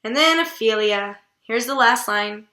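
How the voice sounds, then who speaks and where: A woman vlogger talks about literature in a casual, blunt way, with an irreverent edge and offhand swearing. Her voice is bright and a little high. The recording has a noticeable roomy echo. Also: lively intonation, a little slow. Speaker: book vlogger host.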